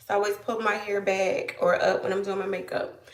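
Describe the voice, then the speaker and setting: A woman from Georgia, chatting casually to viewers on a live stream, greeting them by name and a little hoarse after being ill. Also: medium pitch, little pitch movement, brisk, echoey room, recorded from a distance. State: slightly hoarse after illness. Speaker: livestream host.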